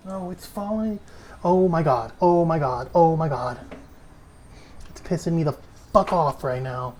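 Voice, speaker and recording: A man giving casual gameplay commentary as a streamer. He chats freely, swears often and breaks into sudden loud exclamations. He talks while sitting in a desk chair at home. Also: fairly high pitch, a little slow, slight background noise. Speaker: gaming streamer.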